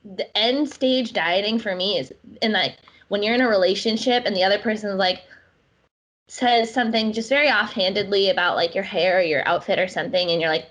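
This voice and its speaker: Female co-host, mid pitch, candid and talkative, slightly muffled recording. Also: fairly quick, a bit bright. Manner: chatty, candid, lots of "like". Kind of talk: casual podcast chat.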